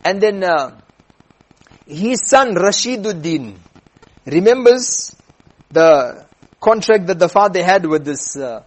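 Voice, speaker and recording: A man preaching, telling a story in an animated way and acting out the characters. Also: high voice, slow, long pauses. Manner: animated storyteller, acts out voices. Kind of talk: sermon storytelling.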